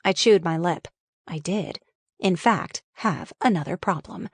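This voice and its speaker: A woman's voice: on the low side, measured pace, husky, no echo, studio quality. Frank, wry woman reading her memoir.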